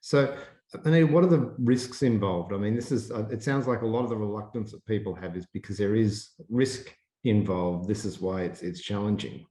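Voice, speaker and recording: A man's voice: on the low side, moderate pace, dark tone. An Australian man hosting a webinar, asking casual conversational questions. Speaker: host. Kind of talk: webinar moderating. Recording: echoey room.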